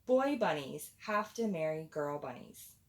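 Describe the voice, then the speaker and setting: A woman voicing a pompous, bossy male stink bug in a storybook reading, loud and stern. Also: deep voice, lively intonation, measured pace, reverberant.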